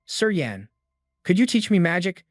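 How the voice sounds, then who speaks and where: A man's voice: high-pitched, sing-song, moderate pace, no echo, studio quality. A male narrator reading the lines of a shy, earnest young princess, polite and trusting.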